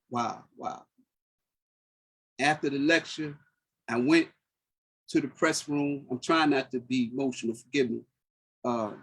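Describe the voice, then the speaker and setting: Husky middle-aged guy, earnest storytelling, gets choked up and repeats himself. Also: mid-range voice, fairly bright tone. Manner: earnest, quoting people's words, repeats phrases when moved. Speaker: guest telling his testimony. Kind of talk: emotional personal storytelling.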